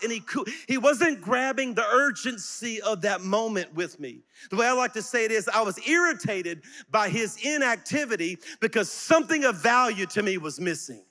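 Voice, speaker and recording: A middle-aged man preaching a sermon, telling a personal story that swells into fervent, shouted exhortation to the congregation. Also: high-pitched, animated, normal speed. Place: large auditorium church. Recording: long reverb of a large auditorium.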